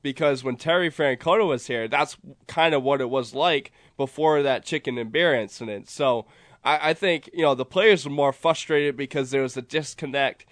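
A man's voice: mid-range voice, normal speed, a bit bright, dry recording. A man co-hosting a casual sports talk radio show, chatting and explaining, often restarting when he makes a point.

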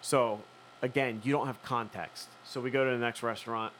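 Profane, animated male storyteller. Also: medium pitch, normal speed, a little hiss or hum, rough recording. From Philadelphia. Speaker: podcast host telling a story. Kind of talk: casual chat.

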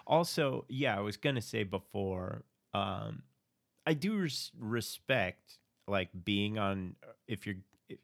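A man's voice: lowish voice, expressive, slow, gravelly. A man co-hosting a podcast, chatting casually about a reality show, laughing often and swearing freely. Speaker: podcast co-host.

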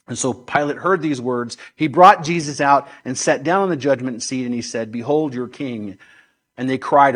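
Male preacher, mid-pitched, reading scripture slowly and solemnly, softening to near-hush on key lines. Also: slightly rough.

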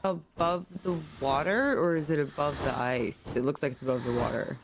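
A woman playing a tabletop game, excitable and shouting out in character. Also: low-pitched, normal speed, noisy background. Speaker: player.

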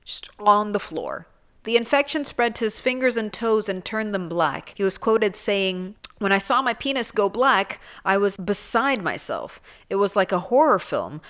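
Young woman podcast host, sarcastic comic storyteller, lively swearing delivery. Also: medium pitch. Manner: animated, sarcastic, swears, jokey asides. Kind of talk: comedic story reading.

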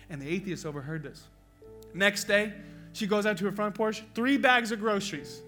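A male pastor preaching with fervor, his voice bright and forceful, set a little high for a man. He drops to a hush and then surges loud. Soft instrumental music plays faintly behind him. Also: moderate pace. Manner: impassioned preaching, swings from hushed to loud. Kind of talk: sermon.

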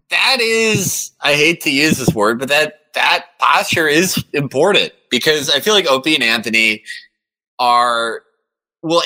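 A man's voice: mid-range voice, bright, forceful tone, low-quality recording. A man talking as a podcast guest in casual chat, rambling with lots of fillers and swearing.

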